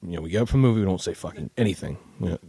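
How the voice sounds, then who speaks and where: A man's voice: low voice, rapid-fire, gravelly, warm tone, breathy edge, no echo. A young man from Maryland hosting a podcast, chatting in a rambling, profane way. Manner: profane, rambling, slips into goofy put-on voices. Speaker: podcast host. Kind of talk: casual chat.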